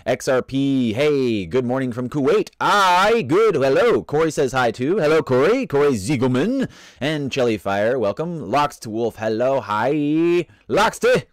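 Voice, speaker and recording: A man's voice: mid-range voice, animated, unhurried, no room sound, studio quality. A man hosting a casual live stream, greeting viewers and reading out chat comments in a playful, rambling, self-mocking way.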